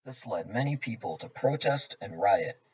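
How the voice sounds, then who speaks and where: A man reading a scripted narration as a student narrator, in a flat, even, low-leaning way. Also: normal speed, breathy edge. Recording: distant mic, dull and lo-fi.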